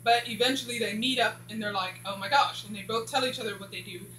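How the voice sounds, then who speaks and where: A woman rambles through a casual recap of a TV series, filling gaps with "blah blah." Her voice is bright and forward. It was recorded in an echoey room with a faint hum behind. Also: fairly high pitch, fast. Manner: rambling, says "blah blah" a lot. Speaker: show reviewer.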